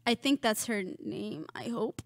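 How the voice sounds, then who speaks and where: A woman's voice: mid-range voice, lively intonation, unhurried, vocal fry, no room sound. A woman co-hosting a podcast in casual chat, telling stories and quoting lines in playful voices. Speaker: podcast co-host.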